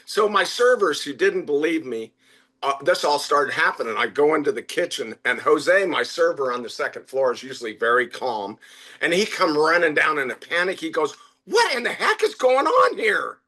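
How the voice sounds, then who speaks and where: A middle-aged man, a restaurant owner and interview guest, telling lively anecdotes full of quoted voices and frequent "uh" fillers. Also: on the high side, moderate pace. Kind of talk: conversational interview storytelling.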